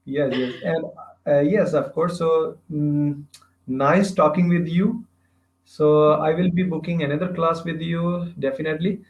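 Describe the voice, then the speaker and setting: A man chats as an English learner, pausing to hunt for words and using halting, phrasing. His voice sits a little high for a man. The video call sounds roomy and muffled, as if picked up in a bare room through a lo-fi line. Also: fairly even intonation. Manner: searches for words, halting non-native phrasing. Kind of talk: casual practice conversation.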